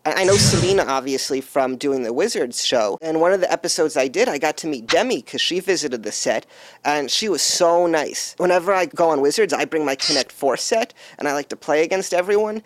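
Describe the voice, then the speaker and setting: A man's voice: on the high side, animated, brisk, no echo. A man being interviewed as an actor guest, answering in an eager, chatty, rambling way.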